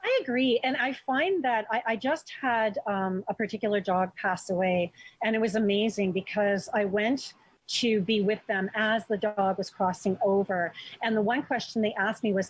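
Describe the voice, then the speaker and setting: A woman's voice: medium pitch, moderate pace, no room sound. A woman hosting a talk show, chatting with enthusiasm and plenty of animation. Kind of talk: casual talk show chat.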